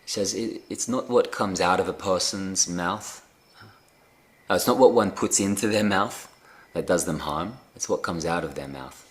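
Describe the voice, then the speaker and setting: A man giving a gentle, unhurried spiritual talk on a live video call, often pausing with fillers and restarting his sentences. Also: low-pitched. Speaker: spiritual teacher.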